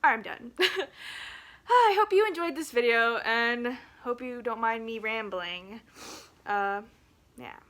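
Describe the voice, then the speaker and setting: A woman vlogging to a phone camera, rambling and halting with nervous laughs, emotional and near tears. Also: a little high, expressive, fairly bright tone. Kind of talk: casual talk to camera.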